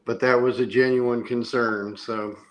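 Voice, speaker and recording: A man's voice: mid-range voice, fairly even intonation, measured pace. A middle-aged man hosts a loose podcast chat. He rambles along with easy enthusiasm, his voice sitting in an ordinary middle range. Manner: rambling, enthusiastic show-and-tell. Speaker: podcast host. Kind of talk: casual chat showing comics.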